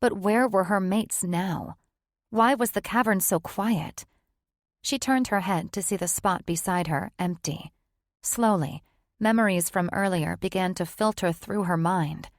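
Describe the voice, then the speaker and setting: A woman's voice: mid-range voice, unhurried, dry recording, studio quality. Woman narrating a romance audiobook. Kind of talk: scripted narration.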